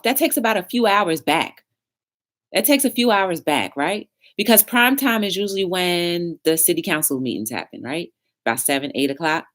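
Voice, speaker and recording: A woman hosting her own live talk show, chatting casually and preaching about communication while answering comments from the chat. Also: mid-range voice.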